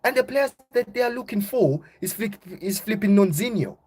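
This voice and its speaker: A young man hosting casual football banter, ranting loudly and animatedly, packing his talk with slang and repeated "bro". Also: high-pitched, lively intonation, moderate pace, breathy edge. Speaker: football channel host.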